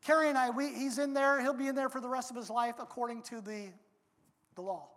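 High-voiced preacher in a reverberant hall. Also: fairly even intonation, fairly quick. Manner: emphatic, bursts into loud dramatic quotes. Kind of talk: sermon.

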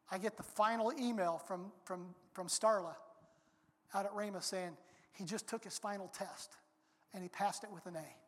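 Speaking in a mid-range voice, a preacher delivers an emphatic sermon, now and then erupting into loud, dramatic quotations. It was recorded in a large church sanctuary with a long hall reverb.

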